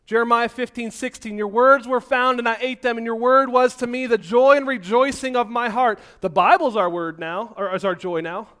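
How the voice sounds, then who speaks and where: High-voiced, animated male preacher. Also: normal speed, hardly any pauses. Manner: energetic and animated, jumping while preaching. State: out of breath. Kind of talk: sermon.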